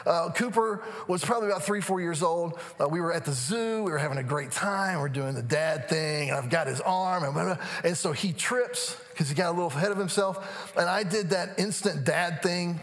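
A man in his thirties preaching a sermon, telling a family story with acted-out voices, then slowing down to a quiet, drawn-out delivery. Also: a little high, in a large hall. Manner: animated storytelling, acting out quotes, then slow and hushed. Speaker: pastor. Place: church sanctuary.

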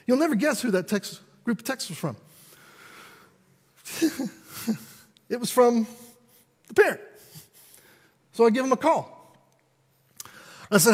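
A male pastor preaches in a loose, storytelling way and acts out each exchange with lots of energy. His voice sits high and swings widely in pitch, with a husky edge. A long hall reverb trails after his words. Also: moderate pace, long pauses. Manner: animated, conversational, acts out dialogue. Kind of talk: storytelling sermon.

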